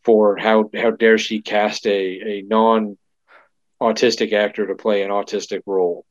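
A man's voice: lowish voice, level tone, measured pace, no room sound. A man co-hosting a casual chat, rambling with lots of fillers and restarts. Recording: dull lo-fi dry sound.

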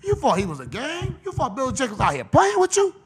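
Animated high-voiced man ranting comically. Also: fast talker, a little hiss or hum. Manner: animated, profane, mocking. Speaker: podcast host. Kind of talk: comedic rant.

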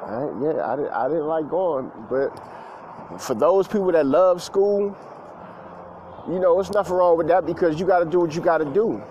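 A man speaks in a casual, rambling monologue, his voice sitting a little high for a man. He leans on slang, fillers and repeated phrases as he reminisces. Faint vehicle noise hums in the background. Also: normal speed, a little mellow, dull audio. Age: adult, past school age. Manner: loose slangy talk with many fillers and repeats.

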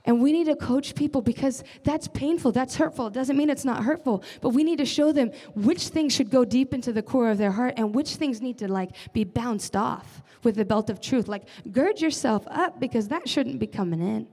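Young woman giving a sermon, earnest and chatty, lots of "like", kinda high but mellow voice, big echoey hall. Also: moderate pace, hardly any pauses, husky. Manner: earnest, conversational, frequent "like" fillers. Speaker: church leader. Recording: long reverb of a large hall.

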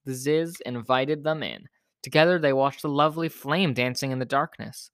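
A man reading a children's picture book aloud in a gentle, expressive way. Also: mid-range voice, normal speed, smooth, no echo, studio quality. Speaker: storyteller.

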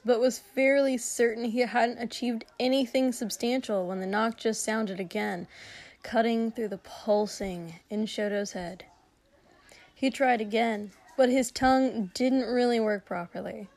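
A woman reading a story aloud as narrator, in a measured storytelling manner. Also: a little high, a little mellow. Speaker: story reader. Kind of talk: audiobook narration.

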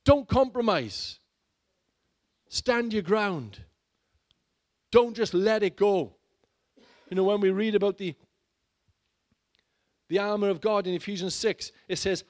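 Brief: man, middle-aged, church sermon, fairly high voice, theatrical loud-soft delivery. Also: slow pace, long pauses. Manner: dramatic, swings between loud urging and hushed low lines. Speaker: pastor.

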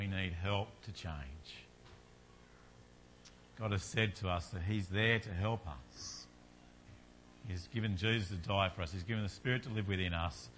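A man's voice: lowish voice, fairly bright tone, slight background noise. A man preaching a sermon in an earnest manner, building to fervent repetition.

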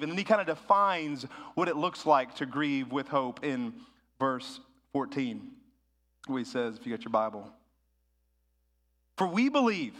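A man, a pastor, preaching a sermon in a conversational way that rises into animated bursts of emphasis. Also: a little high, in a large hall.

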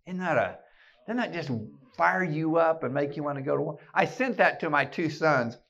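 A man delivers a fiery keynote sermon to an audience in a meeting room, pressing every point with emphasis. His voice sits a bit high, and he often restarts his words. The recording sounds muffled and lo-fi. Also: moderate pace, creaky, fairly bright tone. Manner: emphatic, rallying, with many repeated word restarts. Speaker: keynote speaker and podcast host.

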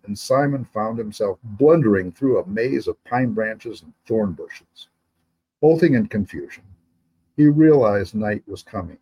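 A man reads his own historical fantasy novel aloud as narrator, steady and measured. His voice is mellow and dark, with a husky edge. He keeps an even middle pitch throughout. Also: rough recording. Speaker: author.

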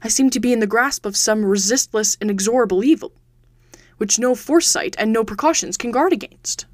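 A woman's voice: fairly high pitch, a little fast, dry recording, clean studio sound, lightly acted. A woman reading a frightened young man. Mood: anxious. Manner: earnest, anxious storytelling.

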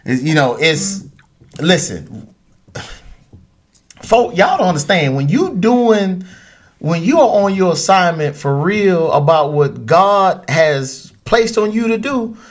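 A man with a very lively voice co-hosts a relaxed podcast conversation. His delivery is emphatic and animated, rising and falling like a preacher's. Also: high-pitched, takes it slowly.

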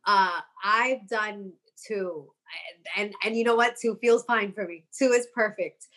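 A woman guest on a podcast, telling stories in casual chat, animated and laughing often. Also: mid-range voice, measured pace.

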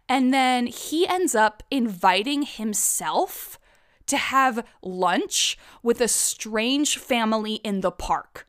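A woman's voice: on the high side, fairly bright tone, clear, resonant tone. A woman hosting a casual solo podcast, ranting in a profane, sarcastic way. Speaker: podcast host.

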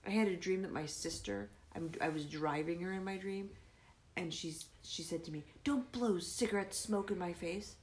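A woman's voice: lowish voice, moderate pace, slight background noise. A woman in her forties hosting a podcast, telling rambling personal stories in a casual chat and laughing often. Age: 40s. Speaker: podcast host.

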